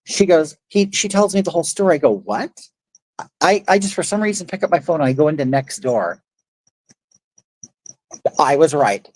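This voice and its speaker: A woman's voice: low voice, a little fast, pauses often, darkish tone, no echo, low-quality recording. Indignant middle-aged woman telling a story. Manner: indignant, rambling, reads chat aloud. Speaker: livestream host. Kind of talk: casual livestream storytelling.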